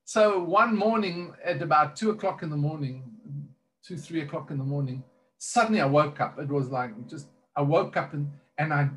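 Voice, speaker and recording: A man's voice: fairly high pitch, normal speed, fairly bright tone. A man who is a minister, earnestly telling a personal testimony in conversation, rambling with many fillers and restarts.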